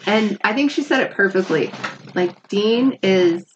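A woman co-hosting a podcast, chatting casually about a TV show in a relaxed, agreeable way and laughing easily. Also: medium pitch, measured pace, slight background noise. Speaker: podcast co-host. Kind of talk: casual chat recapping a TV show. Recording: dull lo-fi sound.

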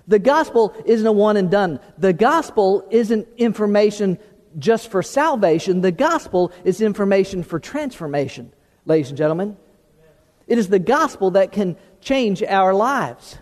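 Casting: male pastor, high voice, emphatic sermon delivery, church reverb. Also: big pitch swings, darkish tone. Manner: emphatic, repeats and restarts words, slows for key terms. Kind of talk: sermon with opening prayer. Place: church sanctuary. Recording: long hall reverb.

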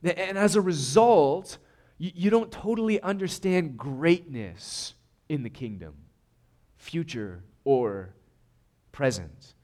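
Earnest, slow-speaking male preacher. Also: on the high side, expressive, a little mellow. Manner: earnest, emphatic, with restarts and repeated words. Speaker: pastor. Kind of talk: sermon.

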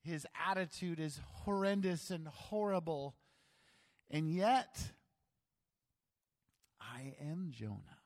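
A man's voice: a little high, expressive, slow, pauses often, long reverb tail. A man preaching a sermon in a casual, conversational way, with self-deprecating humor. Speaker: pastor.

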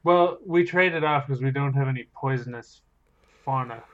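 A Canadian man co-hosting a podcast, speaking in a relaxed, dry, easygoing way. His audio sounds dull and a bit lo-fi, as if from a cheaper mic. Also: medium pitch, normal speed. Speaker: podcast co-host. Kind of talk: casual chat.

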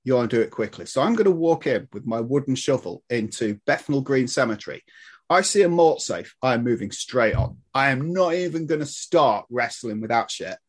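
A man explaining history in casual podcast chat, animated and swearing, laughing at his own points. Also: mid-range voice, a little fast. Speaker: guest historian.

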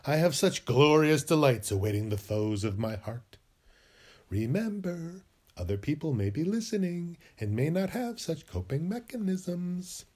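Male podcast host, comic self-argument in two voices, unhurried, sing-song, slightly high pitch. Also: big pitch swings, darkish tone. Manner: bickers with himself in two voices.

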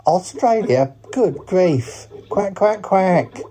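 A man's voice: high voice, lively intonation, takes it slowly, mellow, voice pushed up. A man voicing a cheerful, polite talking duck that adds quack, quack, quack to his sentences. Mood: eager. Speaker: podcast character.

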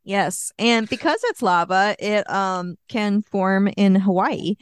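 A young woman co-hosting a podcast, sharing facts in a laid-back, steady way. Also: mid-range voice, slow pace, smooth. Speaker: podcast co-host. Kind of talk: casual chat, sharing facts.

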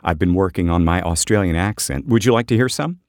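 A man's voice: low-pitched, expressive, brisk, vocal fry, dry recording, clean studio sound. A male voice actor co-hosting a casual podcast, talking in an easygoing, rambling way full of fillers.

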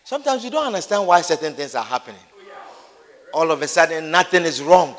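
Male preacher with a high voice and a repetitive, scene-painting style, recorded in a hall with a long echo tail. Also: expressive, fairly quick. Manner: acts out scenes, repeats phrases for emphasis. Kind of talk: sermon.

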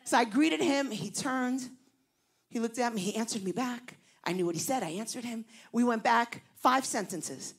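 Brief: animated woman preacher, somewhat high and husky, building to loud emphasis. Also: normal speed. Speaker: pastor. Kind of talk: sermon storytelling.

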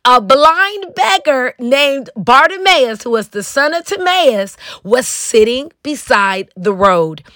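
A woman preaching on her podcast with a high, bright voice, pressing her points with fervent emphasis and breaking into shouts. The sound is close and completely dry, with no room around it. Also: animated, slow pace, hardly any pauses, dry recording.

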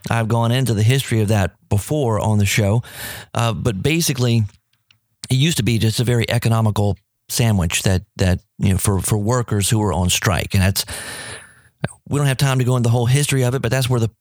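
Excitable New radio host, man. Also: fairly quick, no echo, clean studio sound. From New Orleans. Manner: enthusiastic, rambling, pitch jumps when excited. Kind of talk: radio talk about food.

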